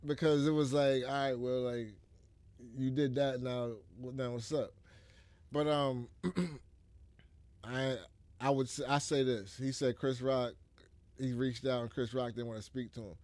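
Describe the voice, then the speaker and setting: A man's voice: medium pitch, fairly even intonation, a little slow, darkish tone, dry recording. A man hosting a casual podcast chat, slangy and often restarting his sentences. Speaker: podcast host.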